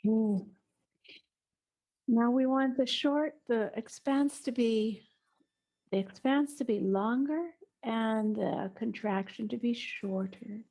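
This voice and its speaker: A middle-aged woman guides a movement lesson in a small room, unhurried and soothing. Her voice is mellow and dark, with a gravelly edge. Now and then she drops into soft breathy asides. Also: fairly high pitch. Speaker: eurythmy teacher.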